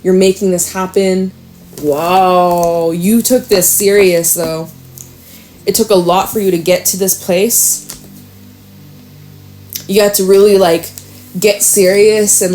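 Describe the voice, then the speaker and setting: A woman giving a casual tarot reading, chatty and excitable, swearing and laughing now and then. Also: mid-range voice. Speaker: tarot reader.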